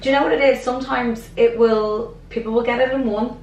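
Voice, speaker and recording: A woman giving a casual consultation in a clinic, reassuring and quick, often repeating herself. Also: fairly high pitch, fairly even intonation, a little mellow. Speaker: clinic practitioner. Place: clinic treatment room. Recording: roomy, distant mic, faint noise.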